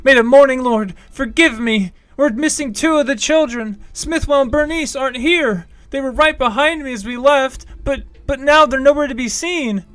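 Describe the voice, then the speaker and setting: A man's voice: moderate pace, hardly any pauses, a bit bright, clean tone, no room sound. A man voicing a frantic villager who cries out desperately from a panicked crowd. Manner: high, desperate pleading.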